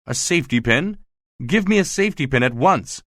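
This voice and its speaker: A man's voice: mid-range voice, wildly swooping pitch, moderate pace, a bit bright, no echo, studio quality, pitched above the performer's own voice. A man voicing a frantic, rude middle-aged opera manager who barks curt demands, read aloud in a storybook. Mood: snapping. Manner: barking, curt.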